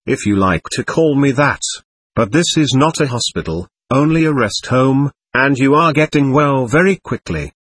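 A man reading as a gentle motherly matron. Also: medium pitch, expressive, moderate pace, slightly rough, dry recording. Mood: soothing. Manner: soothing, reassuring. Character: gentle motherly woman, head of a rest home. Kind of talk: read-aloud story.

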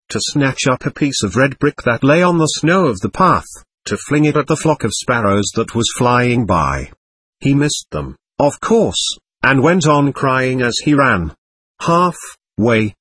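Man, audiobook narrator, expressive reading, husky, dry close sound. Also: mid-range voice, no room sound.

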